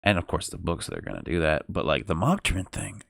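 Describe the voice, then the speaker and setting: A man reading a novel aloud on a stream, then chatting casually in an animated, joking way and swearing freely. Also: sits low, a little fast, creaky, dry recording, clean studio sound. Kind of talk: storybook reading and casual chat.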